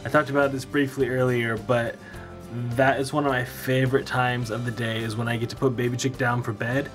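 A man's voice: medium pitch, level tone, brisk, a bit bright, faint music behind. A young man vlogging at home, talking casually to his viewers about his evening with family. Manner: chatty, talks straight to camera, playful with dog and baby. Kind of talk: casual vlog chat. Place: home, indoors.

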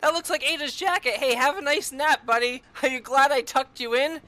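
Sharp, high-voiced woman, let's-play host, foul-mouthed and sarcastic, yelps at jump scares. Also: fairly quick, dry recording. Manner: profane, sarcastic running commentary; loud startled outbursts and taunting. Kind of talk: casual gameplay commentary.

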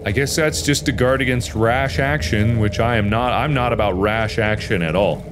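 A man hosting a horror game playthrough, talking casually and swinging from low mumbles to panicked yelps. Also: normal speed, music in the background. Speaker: gaming video host.

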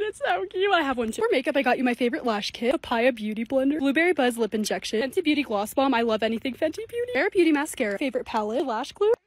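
Young woman, lifestyle vlog narrator; bubbly, self-deprecating, quick delivery. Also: sits high. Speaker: lifestyle creator. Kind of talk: casual voice-over vlog narration.

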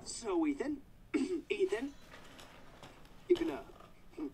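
A man's voice: very high voice, big pitch swings, extremely slow, gravelly, a little hiss or hum, exaggerated voice. An actor playing a sly, taunting young male villain in a video game, with a mocking singsong manner. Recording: game audio over loud music.

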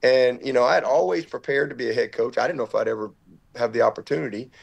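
Gravelly man telling a story. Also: mid-range voice, fast, dull audio. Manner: earnest, tumbling storyteller who acts out what others said. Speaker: football head coach, podcast guest. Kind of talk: storytelling in an interview.

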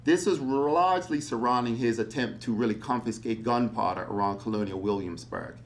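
A man giving a public history lecture, animated and fond of rhetorical questions. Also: mid-range voice, moderate pace.

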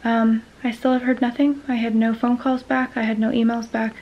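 Woman venting in a vlog, kinda high voice, lots of ums, bit lo-fi sound. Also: little pitch movement, moderate pace. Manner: frustrated, venting, many ums. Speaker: vlogger sharing a medical experience. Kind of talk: casual talking-to-camera vlog.

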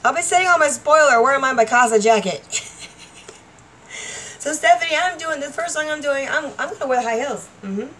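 A woman's voice: sits high, animated, moderate pace, a bit bright, slight background noise, low-quality recording. A woman vlogger talking casually to the camera, rambling and laughing often. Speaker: vlogger and stage performer.

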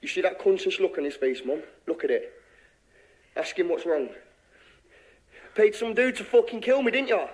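A man's voice: sits high, sing-song, moderate pace, pauses often, darkish tone. An actor playing a furious, cursing young man who confronts a gangster. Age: young adult.

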